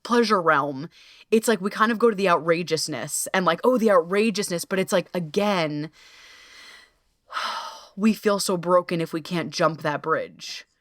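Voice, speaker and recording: Woman host, casual podcast chat, lively and profane, acts out quotes, dry close mic. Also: on the low side, a little slow, no echo. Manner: animated, swearing, quoting herself in playful voices. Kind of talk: casual conversational interview.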